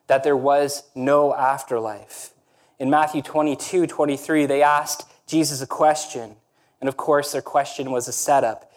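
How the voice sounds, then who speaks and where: A male pastor preaching a sermon in an earnest, emphatic way, often tagging points with a rhetorical question. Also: mid-range voice.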